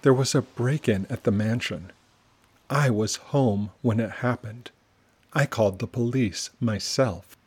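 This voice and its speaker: A man's voice: mid-range voice, a little slow, darkish tone, breathy edge. A man voicing a young girl who is her friend's angry best friend, speaking in an icy, clipped way.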